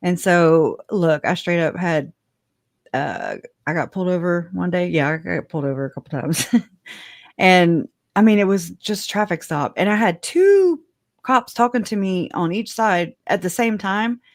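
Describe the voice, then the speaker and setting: A woman hosting a casual livestream, chatty and giggly, whose voice leaps up high when she gets excited. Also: a little slow, no echo, studio quality. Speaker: livestream host.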